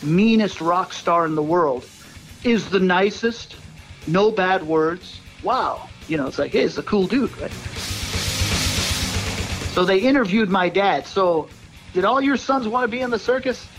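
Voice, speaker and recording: A man with a high, light voice tells stories from his life in a circus act, chatty and animated. He slips into quick quoted voices as he goes. Faint music plays underneath. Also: low-quality recording. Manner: animated anecdotes, quoting people in quick voices. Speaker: circus performer, owner of the act. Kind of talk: casual storytelling.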